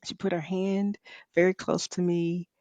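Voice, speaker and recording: A middle-aged woman and author, a guest telling a personal story in a conversation, expressive, laughing often and saying "you know" a lot. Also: on the low side, a little slow, no room sound, dull audio. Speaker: author and rest coach, guest.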